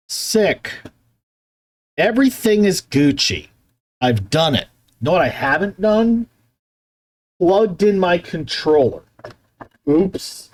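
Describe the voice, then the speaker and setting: A woman's voice: deep voice, a little mellow. A woman streamer chatting casually to herself and her viewers at the start of a live game stream, rambling and self-talking. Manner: rambling, self-talk, coos at her pet.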